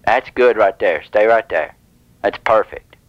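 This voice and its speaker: A man playing a fussy prank caller with sensitive ears, insisting in a deadpan tone on a radio crank call. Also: a little high, normal speed, no room sound, lo-fi sound, natural voice. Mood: insistent.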